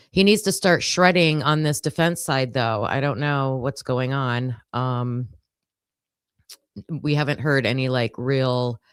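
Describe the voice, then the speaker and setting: Woman streamer with a groggy morning voice, low and slow, just chatting to her chat, lots of likes and ums. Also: smooth, no room sound, clean studio sound. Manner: chatty, filler-heavy, talks to chat. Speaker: livestream host. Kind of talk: casual livestream commentary.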